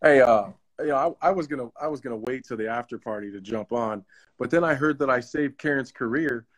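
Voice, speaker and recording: A man with an ordinary mid-pitched voice drops in as a guest. He teases the hosts with a dry, joking edge. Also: brisk. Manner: teasing, joking. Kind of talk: casual chat.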